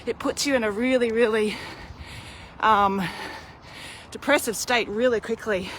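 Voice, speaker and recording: A woman's voice: a little high, fairly even intonation, unhurried, a bit bright, a little hiss or hum. A woman in her thirties, out of breath, chatting candidly in a live video while pushing a pram uphill outdoors. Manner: chatty, candid, self-deprecating. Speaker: vlogger. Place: outdoors on a hilly street.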